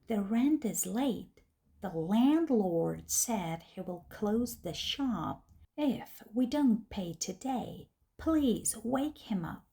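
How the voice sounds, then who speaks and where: A woman's voice: sits high, very animated, extremely slow, creaky, mellow, pitched above the performer's own voice, full character voice. A woman voicing an upset man on the phone, a worried business partner who pleads urgently and sounds close to tears.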